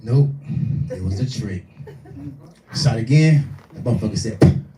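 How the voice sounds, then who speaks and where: A man in his forties doing live stand-up, telling a profane, animated story and acting out the voices in it. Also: mid-range voice, moderate pace. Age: 40s. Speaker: stand-up comedian. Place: small live venue. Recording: echoey room, distant mic.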